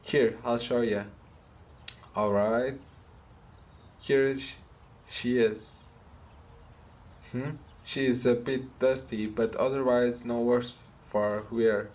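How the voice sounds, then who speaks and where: A man voicing a gruff, protective mobster who scolds bluntly and swears while reading game dialogue aloud. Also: mid-range voice, fairly even intonation, slow pace, long pauses, a little mellow, lightly acted. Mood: boastful.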